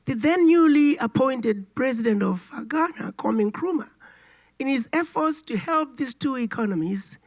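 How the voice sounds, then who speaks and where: A woman ambassador giving a formal speech, hoarse and raspy as she gets over a cold, telling history with emphatic storytelling. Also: sits high, animated, unhurried. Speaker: ambassador giving a keynote address.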